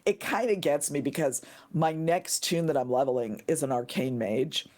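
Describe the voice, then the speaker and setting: A woman in casual podcast chat, excitable and gushing, now and then shrieking with delight. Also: low-pitched, normal speed. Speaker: podcast guest.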